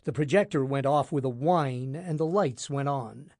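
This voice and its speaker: A man narrating a hard-boiled detective audiobook in the first person, wry and deadpan. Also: mid-range voice, normal speed, no room sound, clean studio sound.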